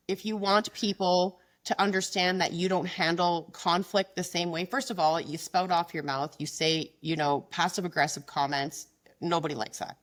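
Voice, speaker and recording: A middle-aged woman talking bluntly and emphatically in a casual interview, quick and frank, slipping into mocking quoted voices. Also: lowish voice. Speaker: guest, business founder.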